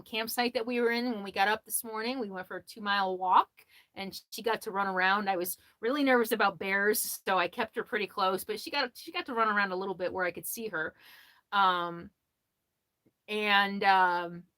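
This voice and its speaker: Bright-voiced chatty woman livestreamer. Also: mid-range voice. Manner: chatty and self-deprecating, laughs often, quick to apologize. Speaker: RV lifestyle livestream host. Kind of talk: casual livestream chat, answering viewer comments.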